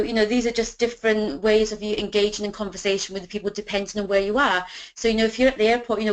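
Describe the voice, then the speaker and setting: A woman coaches a group through sales conversation scripts in a loose, chatty way. She keeps dropping in "you know" and acts out sample dialogue as she goes, in a voice of ordinary middle pitch. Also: low-quality recording. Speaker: business trainer.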